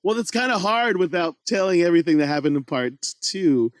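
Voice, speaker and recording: Male podcast co-host, casual chat, lively pitch, dry sound. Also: a little fast, dry recording. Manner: animated, laughs often, swears.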